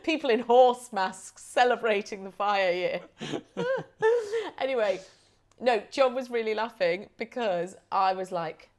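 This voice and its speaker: A woman from the UK co-hosting a relaxed podcast chat. She tells stories, laughs often and keeps the talk light. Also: medium pitch, a little slow. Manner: chatty storyteller, laughs often. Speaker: podcast co-host. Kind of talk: casual chat.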